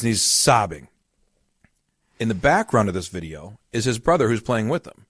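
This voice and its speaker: Here the financial-advisor podcast host has a medium-pitched, expressive voice and a moderate pace, earnestly leaning on family stories, acting out quotes, and repeating key points to drive them home. The sound is clean studio audio with no echo.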